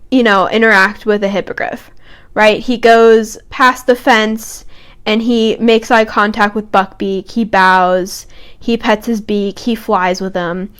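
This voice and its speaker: A young woman co-hosting a podcast, retelling book scenes in a casual, animated way. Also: a little high, smooth. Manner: reads book quotes aloud, animated retelling. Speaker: podcast co-host. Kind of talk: casual fan discussion.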